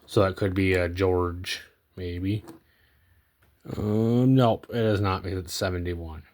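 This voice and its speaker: A young man talking casually about coins as he sorts them, rambling and hesitant with many ums and self-corrections, often trailing off quietly. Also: fairly even intonation, slow. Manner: low-key, trails off quietly at phrase ends. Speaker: coin collecting vlogger. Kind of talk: casual unscripted commentary while sorting coins.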